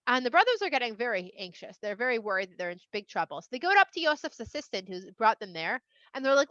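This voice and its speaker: A woman telling a Bible story for kids in a chatty, expressive way. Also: on the high side, fast talker, no room sound, highs cut off. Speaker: children's Torah storyteller.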